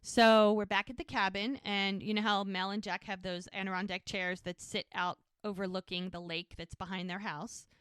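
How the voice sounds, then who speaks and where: A woman's voice: medium pitch, normal speed, few pauses, clean tone, dry recording. Woman podcaster, dry close sound. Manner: animated retelling with quoted dialogue. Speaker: podcast co-host. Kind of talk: casual episode recap.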